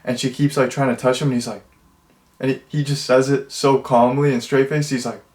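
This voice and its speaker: A man's voice: medium pitch, flat delivery, fairly quick, a little mellow. A young adult man giving a casual, rambling movie review, amused and chatty.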